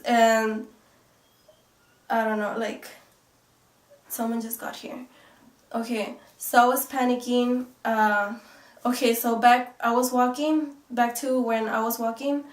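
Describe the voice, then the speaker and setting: Young woman, higher voice, rambling vlog story, lots of swearing, echoey room, a bit off-mic. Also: level tone, far from the mic. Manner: fast, rambling, heavy swearing and fillers. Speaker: vlogger. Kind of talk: casual storytelling.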